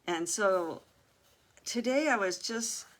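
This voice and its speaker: A woman's voice: mid-range voice, expressive, slow, a bit bright. An older woman hosting a casual crafting livestream, chatting straight to her viewers, exclaiming and laughing often as she works.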